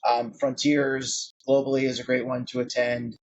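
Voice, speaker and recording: Man, late forties, podcast guest, casual chatty delivery, mid pitch, slightly muffled audio. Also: flat delivery, moderate pace, slight background noise. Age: 40s. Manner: conversational, uses many fillers like "like" and "um". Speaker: guest founder. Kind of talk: podcast interview.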